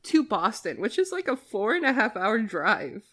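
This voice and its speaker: A woman co-hosting a podcast in casual chat, animated and emphatic. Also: medium pitch, normal speed. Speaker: podcast co-host.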